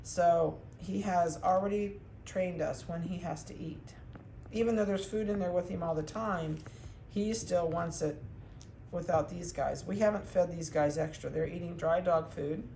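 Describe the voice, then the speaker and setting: A woman's voice: lowish voice, a little slow, vocal fry, warm tone, roomy sound, slight background noise. A woman dog breeder talking casually through a video update, chatty and cooing to the puppies.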